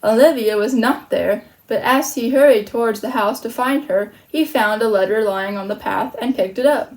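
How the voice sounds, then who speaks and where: A woman reads a children's book aloud as the host of a storytime channel. Her voice sits a little high. She reads with playful, animated energy and breaks off for slangy jokes. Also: normal speed, low-quality recording. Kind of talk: reading a children's book aloud with chatty asides.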